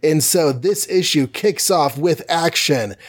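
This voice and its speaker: A man's voice: fairly high pitch, animated, slow pace. A man hosting a podcast, recapping a comic in a rambling, jokey way. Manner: rambling, jokey, many fillers. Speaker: podcast host. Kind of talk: casual comic book recap.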